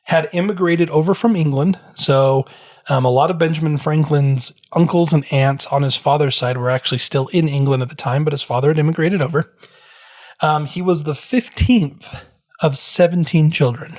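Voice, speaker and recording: A man's voice: a little high, moderate pace, a little mellow. A man hosting a casual history podcast, explaining at length with frequent fillers and restarts. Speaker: podcast host.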